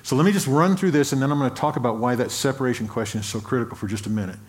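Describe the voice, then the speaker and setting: A male pastor giving a sermon, talking conversationally, often repeating and restarting words, and reading scripture slowly and with emphasis. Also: mid-range voice, darkish tone.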